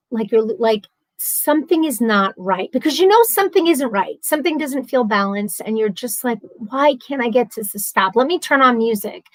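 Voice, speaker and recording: A woman vlogger speaks to her live-stream viewers in an open, candid way, answering their comments as she goes. Her voice sits a bit high for a woman, and the sound is close and dry, with no room around it. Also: no echo, poor audio.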